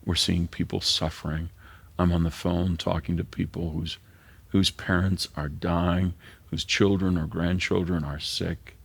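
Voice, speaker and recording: An older male pastor delivers a heartfelt sermon. His voice sits very low and is rough with fry and a husky edge. At key moments he lowers it to a soft, earnest near-whisper. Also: little pitch movement, measured pace, dry recording. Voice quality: gravelly, husky voice.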